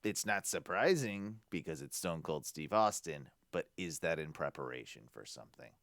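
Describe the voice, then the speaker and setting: A man co-hosting a casual podcast, giving emphatic, opinionated takes and thinking out loud. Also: extremely low pitch, big pitch swings, moderate pace, no room sound, clean studio sound. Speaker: podcast co-host. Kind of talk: casual chat.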